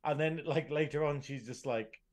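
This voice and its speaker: A man co-hosting a podcast, retelling scenes in an animated way and acting out the lines. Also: on the high side, moderate pace. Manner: animated retelling with acted quotes. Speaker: podcast co-host. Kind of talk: casual review chat.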